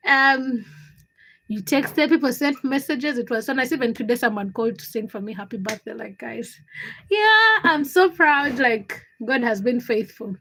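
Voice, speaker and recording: Young woman, high voice, livestream host, casual storytelling, hushed asides, excited squeals. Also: slight background noise. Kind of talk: casual chat with live viewers.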